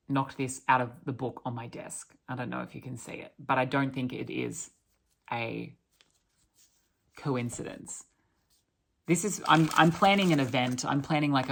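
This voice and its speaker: A woman's voice: very deep voice, gravelly, a bit bright. A woman giving a channelled spiritual talk, earnest and restarting her sentences often.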